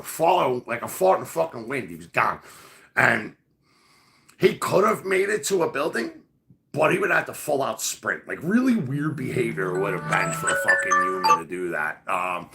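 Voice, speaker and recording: Gravelly man telling a rambling story. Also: medium pitch, bright, forceful tone. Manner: profane, rambling, full of fillers. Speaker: podcast host. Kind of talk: casual storytelling.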